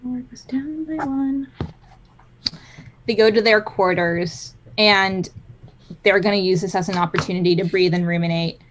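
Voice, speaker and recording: A woman's voice: mid-range voice, moderate pace, long pauses, slight background noise. A woman playing her character in a tabletop game, often stumbling and restarting her sentences. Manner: hesitant, stammering restarts.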